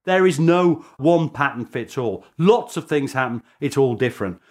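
A man's voice: medium pitch, lively intonation, normal speed. A man speaking as a historian in a documentary interview, telling the story with chuckles and restarts.

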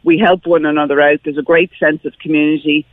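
A woman's voice: low voice, level tone, quick pace, no echo. A woman from Dublin with an Irish accent calling in to a radio chat, talking earnestly and enthusiastically with many fillers. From Dublin, Ireland. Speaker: caller. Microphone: phone. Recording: tinny phone line.

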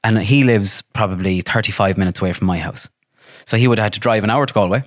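Animated Irish man, low voice. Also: fast talker, no room sound, clean studio sound. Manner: animated, swears freely, acts out quotes. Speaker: podcast guest. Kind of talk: casual chat, storytelling.

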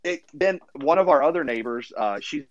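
A man's voice: fairly high pitch, expressive, normal speed, muffled recording, a crowd in the background. A man in a casual online audio chat telling a sarcastic, profane story and acting out the other people's lines.

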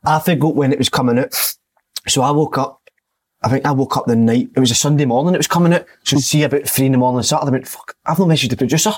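A man's voice: mid-range voice, quick pace, no room sound. A Scottish man in casual chat, telling stories with frequent restarts and "mate" often. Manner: storytelling with frequent restarts, says "mate" a lot.

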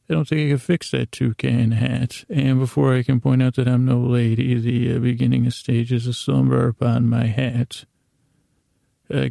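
A man with a deeply gravelly, fry-laden voice wanders through a bedtime ramble for sleepers. His tone is dark and mellow, and his delivery stays flat and low-key. The sound is close and completely dry. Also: no echo. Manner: low-key, meandering, deliberately dull. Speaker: sleep podcast host.

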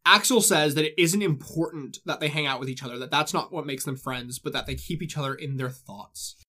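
A man hosting a casual podcast, walking friends through a game's story in a quick, loose retelling. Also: on the high side, sharp tone. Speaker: host. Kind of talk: casual chat, recapping a game story.

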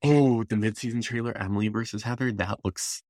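A man co-hosting a casual podcast chat in a laid-back, wry, deadpan way. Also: fairly low pitch, brisk, no room sound, studio quality. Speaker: podcast co-host.

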